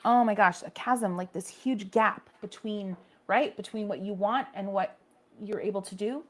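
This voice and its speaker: A woman's voice: medium pitch, moderate pace. A woman hosting a casual painting livestream, chatting with viewers and reacting to their comments, often restarting her sentences.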